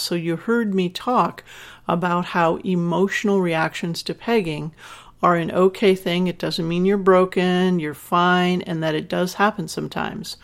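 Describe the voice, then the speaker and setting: Frank, gravelly woman sex educator. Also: fairly low pitch. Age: over 50. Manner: frank, candid and conversational, tells personal stories. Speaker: sex educator and podcast host. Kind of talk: podcast advice talk to a listener.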